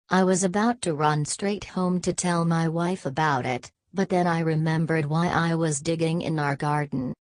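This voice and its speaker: A woman with a low, unhurried voice reads out a long string of dark jokes. The quoted lines come in her same even voice. The sound is dry and close, with no room around it. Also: no echo. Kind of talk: reading a list of dark jokes.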